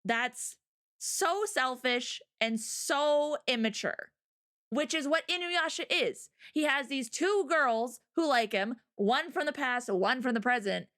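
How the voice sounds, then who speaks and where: Woman streamer, high and bright, animated casual ranter. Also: takes it slowly. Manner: animated, emphatic ranting. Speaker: streamer co-host. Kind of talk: casual chat on a livestream. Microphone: streaming mic.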